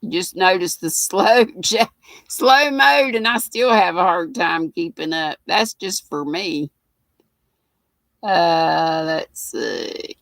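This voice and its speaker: An older woman with a North Carolina Southern accent hosts a live stream, reading viewer comments aloud in a folksy, chatty way and laughing along. Her voice sits on the low side and sounds a bit bright, with vocal fry and a slow pace. There's no echo in the recording.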